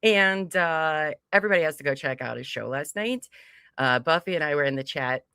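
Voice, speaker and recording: A woman's voice: low-pitched, expressive, a little fast, bright, forceful tone, clean tone, no echo, studio quality. A woman co-hosting a casual livestream, greeting viewers by name with frequent giggles. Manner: bubbly, giggly, reads chat names aloud. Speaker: livestream co-host.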